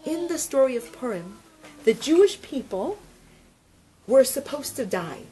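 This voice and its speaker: A woman giving a storytelling religious lesson to a group, animated and asking questions. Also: high-pitched, measured pace. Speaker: religious teacher. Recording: noisy room recording.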